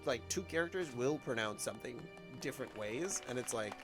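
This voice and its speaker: A man's voice: mid-range voice, expressive, fairly quick. A man streaming a game, talking casually and rambling, self-deprecating and full of fillers, with game music behind. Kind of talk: casual gameplay commentary.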